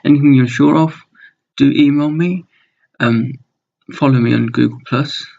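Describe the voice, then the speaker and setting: A man teaching a recorded online language lesson over slides, relaxed and slow, with many pauses and fillers in a low, husky voice. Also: muffled recording.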